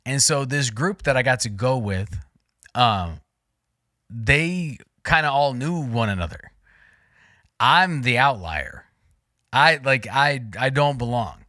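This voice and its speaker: Man, forties, podcast co-host, bright forceful tone, mid pitch, rambling excited storytelling, dry close sound. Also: takes it slowly, long pauses, dry recording. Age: 40s. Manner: rambling, excitable, lots of fillers and restarts. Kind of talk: casual storytelling chat.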